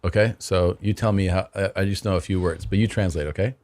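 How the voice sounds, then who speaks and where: A man with a fairly low voice hosts a relaxed podcast conversation. He asks curious, meandering questions with many restarts. The tone is loose and conversational. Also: fast. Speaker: podcast co-host. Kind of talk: casual podcast chat.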